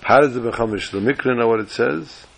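A man's voice: medium pitch, brisk, creaky, noisy background. A man preaching as a rabbi, telling a story in a folksy, emphatic way. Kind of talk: sermon with storytelling.

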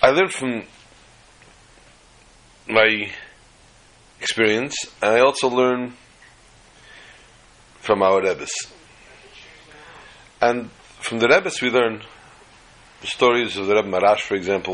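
A man's voice: fairly low pitch, takes it slowly, long pauses, a bit bright, rough recording. Male rabbi, casual storyteller giving a Torah class with jokes. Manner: chatty storyteller, acts out jokes. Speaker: rabbi teaching a weekly class.

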